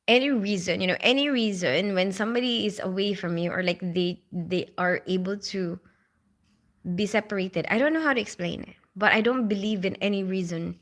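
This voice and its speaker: A woman from the Philippines hosting a casual live stream, rambling with lots of fillers and greeting viewers by name. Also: medium pitch. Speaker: livestream host.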